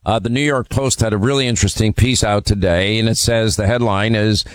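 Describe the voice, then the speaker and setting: A man's voice: on the low side, fairly even intonation, brisk, no echo. A man hosting a call-in radio talk show. He speaks emphatically with strong opinions and many "uh" fillers. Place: radio studio.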